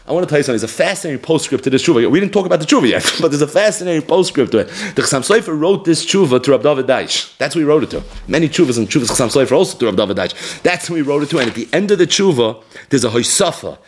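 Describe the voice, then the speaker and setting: A man giving an animated Torah lecture on rabbinic responsa, telling the story with chuckles. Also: rapid-fire. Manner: animated storytelling with chuckles, lively pitch swings. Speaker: Torah teacher.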